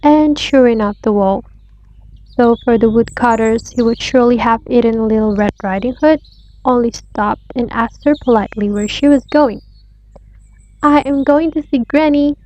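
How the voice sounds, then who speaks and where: A woman's voice: on the high side, a little mellow. Woman reading a fairy tale. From Indonesia. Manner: clear and measured for English learners. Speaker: storyteller. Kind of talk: scripted storybook narration. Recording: dull lo-fi audio.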